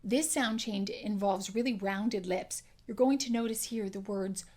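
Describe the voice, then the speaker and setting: A woman accent coach giving an explanatory lesson, clearly demonstrating individual sounds. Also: mid-range voice, a little slow, a little mellow.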